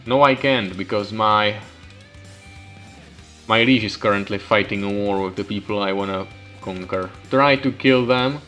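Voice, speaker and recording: A man's voice: on the low side, a little slow, fairly bright tone. A young man giving sarcastic, ranting commentary over a strategy game, swearing freely. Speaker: gaming channel host. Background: faint background music.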